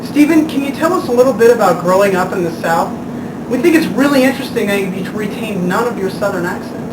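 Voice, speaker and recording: A man's voice: sits high, animated, quick pace. A young man hosting a student video blog, reading his lines in an earnest mock-newsreader way. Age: young adult. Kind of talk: scripted comedy chat. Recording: echoey room from far off, noisy.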